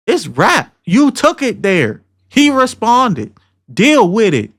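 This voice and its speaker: Young dude on a podcast, pretty high voice, heated cussing rant full of slang. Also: male voice, wildly swooping pitch, slow pace, fairly bright tone. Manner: heated, profane, rambling with slang. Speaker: podcast co-host.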